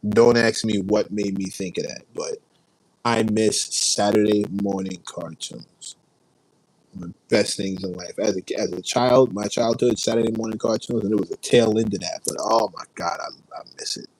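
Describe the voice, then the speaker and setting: A man from New chats easily on a livestream, wandering from thought to thought and answering viewers by name. His voice sits low, and the sound is close and dry. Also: fairly even intonation, normal speed, a little mellow, no echo, poor audio. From New York. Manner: rambling, laid-back, reads and answers chat. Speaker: livestream host. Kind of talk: casual livestream chat.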